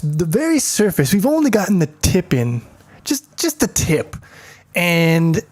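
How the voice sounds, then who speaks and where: A man giving a casual programming tutorial, explaining step by step with irreverent jokes and profane asides. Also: sits high. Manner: thinks aloud with fillers and restarts. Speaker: programming teacher.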